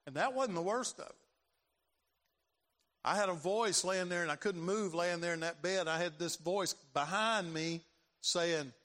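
A man, preaching a sermon and telling a personal story, acting out voices and building to loud emphasis. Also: on the high side, lively intonation, normal speed. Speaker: pastor. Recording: long hall reverb.

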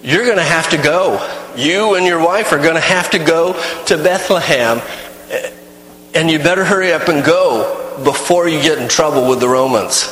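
A man's voice: a little high, moderate pace, a bit bright, roomy sound, in a large hall, a little hiss or hum, close to an everyday voice, poor audio. A man voicing Simeon, a weary male friend who delivers bad news bluntly and urgently.

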